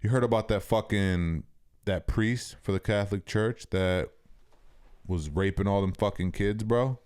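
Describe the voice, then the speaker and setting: Young male podcast co-host, low voice, profane and rambling, casual chat. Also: a little slow, a little mellow, clear, resonant tone. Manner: profane, rambling storyteller, says "bro" constantly.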